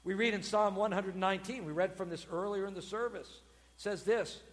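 A man, a pastor, preaching a sermon with expressive delivery, acting out quoted voices with sudden loud bursts. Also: high voice, moderate pace, big-room sound.

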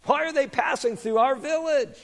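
A man voicing an eager, curious young male donkey in a storybook reading, talking in an excited, pleading way. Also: extremely high pitch, moderate pace, big-room sound, pitched above the performer's own voice.

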